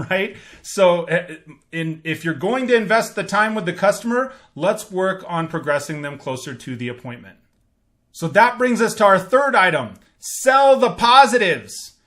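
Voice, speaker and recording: A man hosting a sales training podcast, coaching listeners in an energetic, demonstrative way. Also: high voice. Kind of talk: instructional podcast monologue.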